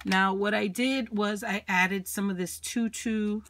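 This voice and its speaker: A woman's voice: medium pitch, steady tone, unhurried, fairly bright tone, slight background noise. Chatty woman with a tired, fading voice. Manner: chatty, lots of ums and uhs; clears her throat often. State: losing her voice. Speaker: craft vlogger. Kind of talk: casual craft tutorial.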